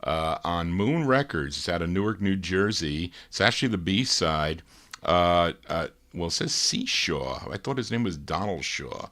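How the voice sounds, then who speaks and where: A man with a very low voice hosts a live record show in relaxed, casual chat. He muses aloud as he goes, pausing often and filling the gaps with "uh.". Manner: easygoing and musing, thinks aloud with many "uh"s.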